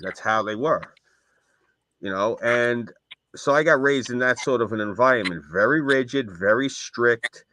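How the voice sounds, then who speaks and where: A man's voice: medium pitch, moderate pace, bright, forceful tone, dry recording. Rambling man telling stories on a stream. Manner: rambling anecdotal storyteller. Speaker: stream co-host. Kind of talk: casual stream chat, storytelling. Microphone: desk mic on a stream.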